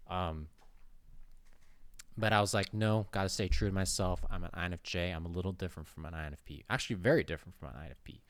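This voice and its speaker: A man's voice: low-pitched, fast talker, a bit bright, dry recording. A young man hosting his own channel, rambling playfully to camera in casual chat and swearing now and then. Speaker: YouTube channel host. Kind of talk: casual vlog talk to camera.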